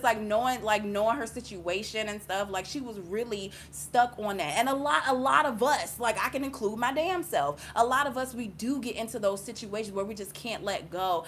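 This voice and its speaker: A young adult woman giving an intuitive reading, telling a long story casually, full of fillers and animated exclaims. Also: fairly high pitch, moderate pace, hardly any pauses, a little hiss or hum. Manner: rambling, filler-heavy, chatty; animated, laughs and exclaims often. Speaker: intuitive reader.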